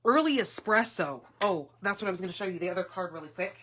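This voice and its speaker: Woman host of a casual live craft class; chatty, excitable, slightly low-pitched. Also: fast, slight background noise. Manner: chatty, gushing, excitable with fillers. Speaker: papercraft demonstrator hosting a live class.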